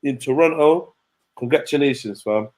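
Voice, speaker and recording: A man's voice: medium pitch, moderate pace, darkish tone. A man hosting a stream, joking and mocking in casual slang. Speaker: stream host. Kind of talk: casual reaction commentary.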